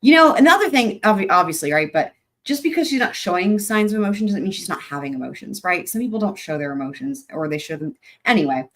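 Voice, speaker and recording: A woman with a lowish voice talks through case files in a casual, thinking-aloud way. She hesitates and restarts often, and slips in dry, sarcastic remarks. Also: expressive, fast talker. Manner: wry, sarcastic asides. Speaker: true-crime commentator. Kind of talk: casual commentary while reading case documents.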